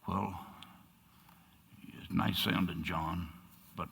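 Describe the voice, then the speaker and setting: Veteran pastor, deep and husky, swings from loud to whispered in a reverberant sanctuary. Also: male voice, steady tone, extremely slow. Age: older. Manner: dramatic, drops to hushed whispers for emphasis. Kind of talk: sermon. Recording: long reverb in a church sanctuary.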